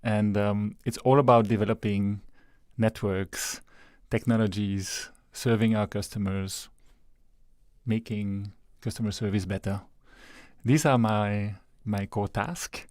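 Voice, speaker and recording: A man from Belgium in his forties with a French-speaking accent, a radio studio guest who explains his work in a relaxed way and laughs easily. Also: on the low side, slow pace, no echo. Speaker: guest, country manager. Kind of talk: radio interview.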